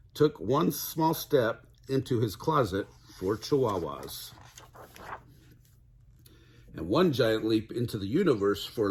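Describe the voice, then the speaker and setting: Give me an older man reading a storybook aloud, unhurried and raspy. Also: lowish voice. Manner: chuckles while reading, occasional stumbles.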